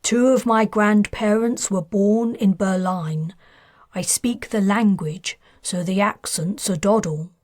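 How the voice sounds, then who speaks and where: A man's voice: high voice, fairly even intonation, slow, dry recording, clean studio sound. A woman voicing a guarded, bargaining upper-class man who talks in a firm, clipped, controlled way. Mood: brisk.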